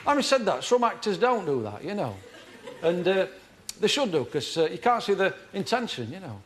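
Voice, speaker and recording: A male comedy performer with a high-pitched voice plays a fussy, earnest middle-aged amateur acting tutor in a live stand-up character bit before a TV studio audience. Speaking at normal speed, he instructs in a deadpan, pedantic, self-important way, with audience laughter, crowd noise and background noise in the recording.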